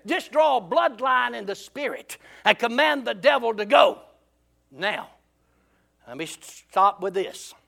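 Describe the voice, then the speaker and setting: A man preaching, telling a folksy story in a lively, drawling way. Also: very high voice, a little slow, vocal fry.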